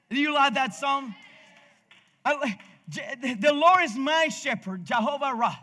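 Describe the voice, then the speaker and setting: Spanish-accented male pastor, fervent rhythmic preaching, bright tone, long church reverb. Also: very high voice, animated, measured pace. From Cuba. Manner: passionate, rhythmic preaching with frequent restarts and laughter. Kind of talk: sermon. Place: church sanctuary.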